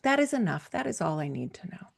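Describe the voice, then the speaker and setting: A woman voicing a polite, earnest young girl heroine in a gentle, respectful way while telling a fairytale. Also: lowish voice, very animated, quick pace, vocal fry, breathy edge, exaggerated voice. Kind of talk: storytelling.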